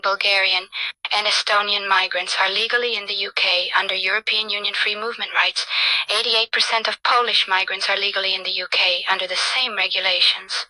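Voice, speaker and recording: A woman reading statistics in an even, informational scripted narration. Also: mid-range voice, no echo, rough recording.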